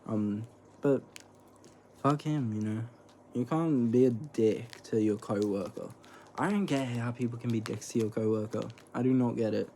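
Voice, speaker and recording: A man's voice: medium pitch, normal speed, dark tone, slight background noise. A young man, chatting casually in a rambling, slangy vlog while snacking, swearing freely. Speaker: vlogger. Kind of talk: casual eating vlog chat.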